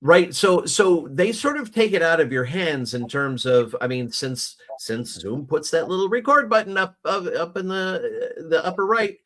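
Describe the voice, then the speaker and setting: Over a video call, an American podcast co-host chats casually in a loose, rambling way, full of restarts and fillers. His voice is a little high and a bit bright, with lively intonation, normal speed and few pauses.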